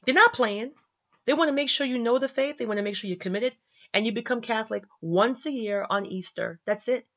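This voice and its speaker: A woman's voice: on the high side, a little fast, fairly bright tone. A young woman giving casual religious commentary, emphatic and slangy, repeating lines for effect. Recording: slightly dull lo-fi audio.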